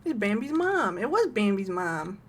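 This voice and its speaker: A young woman streaming a horror game, excitable, laughing often and swearing casually. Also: mid-range voice, normal speed, a little hiss or hum. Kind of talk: casual gameplay commentary.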